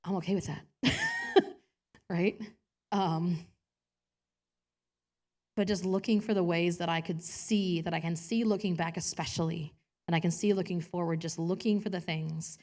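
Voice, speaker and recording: A woman's voice: on the low side, big pitch swings, unhurried, pauses often, a little mellow. Chatty, laughing woman preaching. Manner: chatty, self-deprecating, laughs often, acts out quotes. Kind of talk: personal sermon. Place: church.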